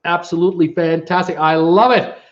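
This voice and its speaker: Greeting people in his chat, this Ontario livestreamer keeps things casual and cheerful, peppering his talk with fillers. His fairly high male voice stays steady and moves fairly quickly, captured on dull-sounding audio from a home webcam.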